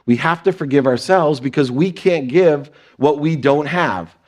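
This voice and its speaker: A man's voice: on the high side, a little slow. A man giving a motivational stage talk, telling personal stories and quoting people in brief put-on voices. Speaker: speaker. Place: stage before an audience.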